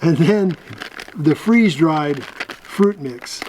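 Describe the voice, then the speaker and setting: A man's voice: a little high, animated, slow. Chatty man on a noisy recording. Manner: chatty, chuckles often, thinks aloud. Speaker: vlog host reviewing military rations. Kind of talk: casual show-and-tell commentary. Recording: noisy home video recording.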